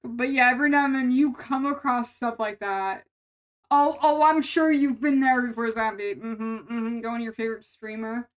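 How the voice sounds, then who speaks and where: A young woman streaming live, her voice a touch higher than most and noticeably nasal. She rambles and giggles through casual chat with her viewers, tripping over restarts as she goes. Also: fairly even intonation, normal speed.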